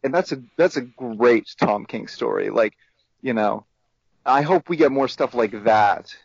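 A man's voice: mid-range voice, expressive, a little slow, vocal fry, slightly rough, no echo. A man talking casually on a podcast, rambling with lots of restarts. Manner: rambling, many fillers and restarts. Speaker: podcast co-host. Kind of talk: casual chat. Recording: dull lo-fi dry podcast mic.

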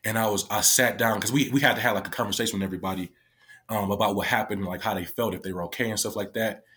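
A man's voice: lowish voice, steady tone, fast, fairly bright tone. A man who works with young people, telling a story in a casual way, with lots of swearing and fillers. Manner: loose, profane, full of "like" fillers. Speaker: youth worker.

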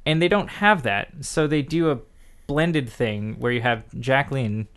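Male podcast host, dry and sarcastic, mid-pitched, chatty. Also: a little slow, smooth. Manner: sarcastic, animated storytelling. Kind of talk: casual chat.

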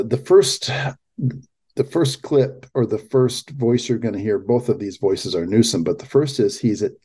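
A man's voice: lowish voice, dark tone, husky. A man hosting a political commentary show, talking in an incredulous way and often restarting his sentences. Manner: incredulous, halting with repeated restarts. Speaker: podcast host.

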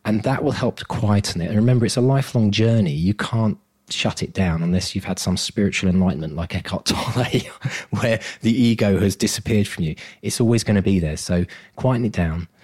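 A man's voice: fairly low pitch, a little fast, a little mellow, slightly rough. A man co-hosting a podcast as a coach, talking in an earnest, motivational way and laughing often. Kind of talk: casual chat.

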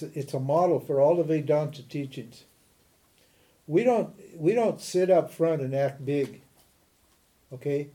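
A spiritual teacher leads an informal class lecture, animated and chatty, often laughing and restarting his sentences. His voice is a little high.

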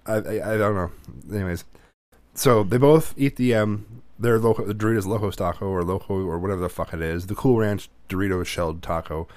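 A man's voice: on the low side, fairly quick, darkish tone, no room sound. A young man co-hosting a casual chat, telling rambling, sweary stories. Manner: rambling storytelling, swears freely. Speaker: podcast co-host.

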